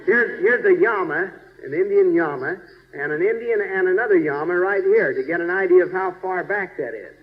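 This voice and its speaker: A man's voice: high-pitched, lively intonation, moderate pace. A man, a church bishop, narrating a slide show in a folksy, chatty way, checking in with his listeners and groping for place names. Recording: dull 1970s recording with long reverb.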